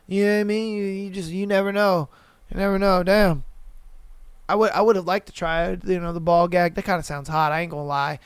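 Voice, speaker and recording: A man hosting a podcast, chatting crudely and repeating himself, his voice hoarse. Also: high-pitched, steady tone, fairly quick, no room sound. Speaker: podcast host. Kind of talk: casual chat reading listener stories.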